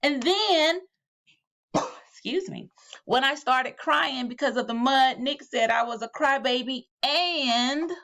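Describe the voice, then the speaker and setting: Reading a picture book to children, this woman teacher tells the story with animation, letting her voice sink on each recurring refrain. She goes slowly, and her voice has a creaky quality.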